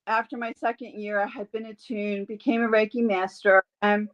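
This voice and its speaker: A woman guest in a casual interview, an animal communicator and Reiki healer telling lively stories and acting out the voices she quotes. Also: mid-range voice, moderate pace, muffled recording. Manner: animated storyteller who acts out quoted voices.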